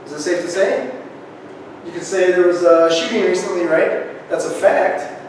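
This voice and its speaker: A man giving a lively workshop talk to a live group, often checking in with "right?", recorded on a distant camera. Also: sits high, normal speed, slight background noise. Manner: energetic, keeps asking "right?". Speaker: presenter. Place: large echoey room. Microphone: camera far from speaker. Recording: echoey hall, distant camera.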